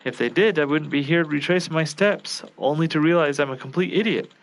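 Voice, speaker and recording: A man's voice: a little high, a little fast, close to an everyday voice. A man doing a flustered, fretful young cook. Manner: flustered, self-scolding.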